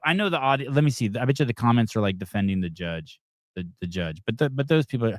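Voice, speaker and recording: A man hosts a live podcast and rants bluntly, with plenty of swearing, about the clips he is watching. His voice sits at an ordinary middle pitch. The sound is dry and close, with no room echo. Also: expressive, fast. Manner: blunt, profane ranting. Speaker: podcast host. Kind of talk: live podcast, reacting to videos.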